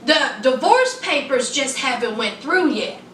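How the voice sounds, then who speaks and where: A woman voicing a hesitant woman breaking hard news to her boyfriend, speaking in a softer, lower voice. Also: big pitch swings, measured pace, distant mic, a little hiss or hum, exaggerated voice. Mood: sheepish. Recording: echoey room, voice off-mic.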